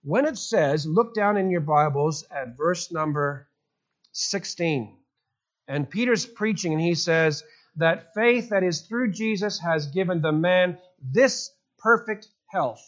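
A man preaching a sermon, telling a Bible story with animated, repetitive emphasis. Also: a little high, slow, lo-fi sound.

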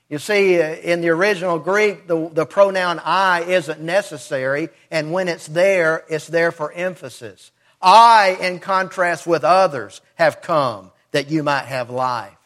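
A man preaching a sermon in an earnest, deliberate way, stressing key words as he explains a scripture passage. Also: a little high. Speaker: pastor.

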